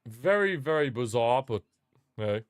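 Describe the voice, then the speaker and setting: A young man hosting a live football watchalong, chatting casually and repeating himself, with sudden bursts of excitement. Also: medium pitch, unhurried, no echo, studio quality. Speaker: watchalong host. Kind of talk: casual live match commentary.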